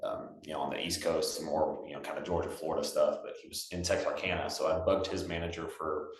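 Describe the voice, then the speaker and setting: Deep-voiced young man in a roomy room. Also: fast talker. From Texas. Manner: relaxed, chatty, with many fillers and restarts. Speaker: guest singer-songwriter. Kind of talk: casual storytelling. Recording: roomy echo.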